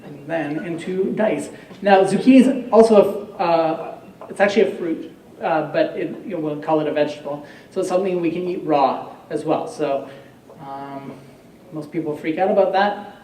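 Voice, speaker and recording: A man's voice: on the high side, normal speed, warm tone. A man giving a chatty, joking live cooking demonstration to an audience, heard from a distance in an echoey hall. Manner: chatty, joking, lots of fillers. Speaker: chef giving a cooking demo. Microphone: far from the mic. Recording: echoey hall, distant mic, faint noise.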